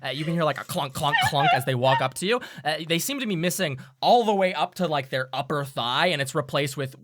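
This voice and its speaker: A man narrating as game master of a tabletop game, animated and full of fillers. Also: on the high side, a little fast. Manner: animated, laughing, many fillers.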